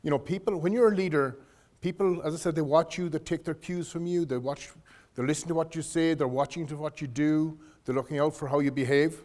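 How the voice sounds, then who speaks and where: A man's voice: fairly high pitch, a little fast, a little mellow. A middle-aged man giving a leadership lecture to students, telling career stories in a conversational way and often restarting his phrases. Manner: anecdotal, restarts phrases, addresses audience directly. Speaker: guest lecturer. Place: lecture hall.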